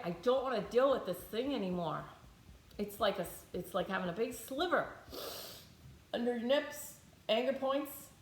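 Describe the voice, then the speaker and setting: A woman's voice: mid-range voice, a bit bright, a little hiss or hum. A woman leading a guided tapping meditation, talking bluntly, swearing freely and thinking aloud as she works through her own feelings. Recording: echoey room.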